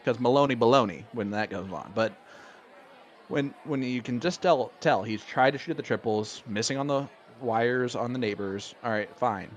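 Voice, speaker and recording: A man's voice: mid-range voice, normal speed, dull audio, a faint crowd, slight background noise. A man doing live darts commentary, chatty and enthusiastic, joking with his co-hosts.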